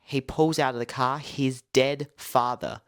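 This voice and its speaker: A man's voice: medium pitch, steady tone, measured pace, fairly bright tone, smooth. A young man casually recapping a film as a reviewer, rambling with lots of filler words. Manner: loose, rambling, full of "like" and "um". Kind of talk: casual spoken film breakdown.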